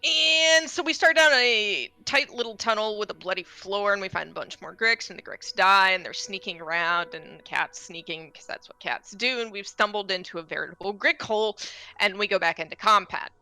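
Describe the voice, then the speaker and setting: A woman casually recapping a tabletop game session, with wry, deadpan asides. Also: medium pitch, normal speed, no room sound.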